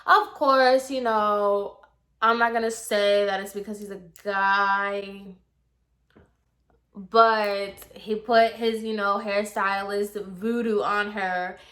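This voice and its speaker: A young woman with a bright, forward voice chats through a story from her salon work. Her delivery is loose and conversational, sprinkled with "like" and "you know", and she sounds fully at ease. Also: medium pitch, flat delivery, slow pace. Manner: chatty, lots of filler "like" and "you know". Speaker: hairstylist. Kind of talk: casual storytime chat.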